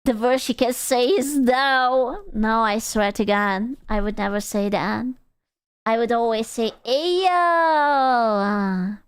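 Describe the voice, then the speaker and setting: A woman's voice: a little high, steady tone, unhurried, smooth, dry recording, clean studio sound. A young adult woman streaming live, chatting casually with viewers in crude, teasing banter and bursts of playful squealing.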